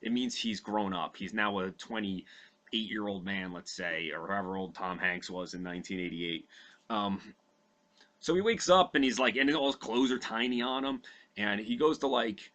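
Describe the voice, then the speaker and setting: A man's voice: on the low side, normal speed, a bit bright. A young man casually retelling a movie plot from memory, rambling and profane with lots of fillers. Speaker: podcast host recounting a movie from memory.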